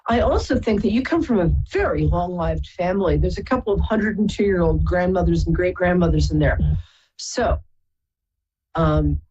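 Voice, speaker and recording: With a dark, slightly rough mid-range voice, a Brooklyn, New York psychic radio host runs a live call-in reading, chatty and affectionate, calling callers darling and sweetheart. The highs in the recording are cut off.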